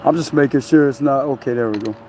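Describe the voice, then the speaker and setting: A fast-talking tarot reader with a medium-pitched, slightly mellow voice chats casually on a live stream outdoors beside a tree and traffic. He drifts from point to point, laughs often, and punctuates lines with "you know what I'm saying"; slight background noise is present.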